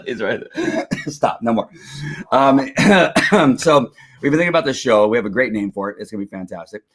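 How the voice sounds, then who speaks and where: A man's voice: mid-range voice, normal speed. A middle-aged man hosting a casual livestream, rambling with lots of restarts and chuckles. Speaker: host of a faith and politics livestream.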